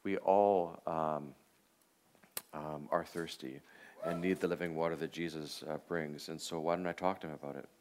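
A man's voice: rumbling low, fairly even intonation, fairly quick, few pauses, a little mellow, slight background noise. A man lecturing a class in a conversational way, with many fillers and rhetorical questions. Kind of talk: teaching a class.

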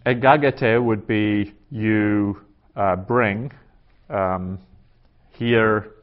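A man teaching a class, working through a translation aloud in a halting way with many fillers. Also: fairly low pitch, steady tone. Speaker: Greek teacher. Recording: dull lo-fi classroom recording.

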